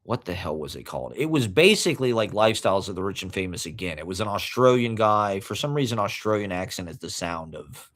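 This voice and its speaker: A man's voice: deep voice, animated, brisk, hardly any pauses, a bit bright. A man hosting a podcast, delivering a rambling, profane monologue full of fillers. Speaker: podcast host. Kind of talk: casual monologue rant.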